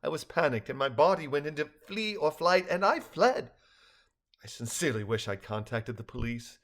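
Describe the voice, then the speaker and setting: A man voicing a gentle, troubled telepathic balloon creature, telling its story in an earnest, measured way. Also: on the high side, animated.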